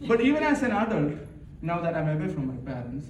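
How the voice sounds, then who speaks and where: A man's voice: a little high, sing-song, quick pace. A young man from India, doing a chatty, self-mocking stand-up set at an office Christmas party and laughing at his own jokes. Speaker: stand-up comedian at a work party. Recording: echoey room, distant mic, noisy.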